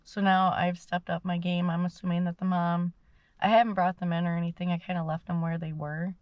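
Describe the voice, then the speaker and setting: A woman and mother talking to the camera in a casual personal video diary, soft-spoken and rambling. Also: lowish voice, flat delivery, a little fast, dry recording, highs cut off. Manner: rambling, soft-spoken, fighting tears at times. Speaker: vlogger and mother.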